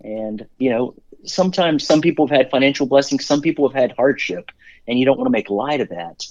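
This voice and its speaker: In a casual interview, a middle-aged company CEO spins upbeat, meandering stories, often restarting and using fillers. His mid-range voice is lively, fairly quick and a little mellow, on a dull lo-fi recording.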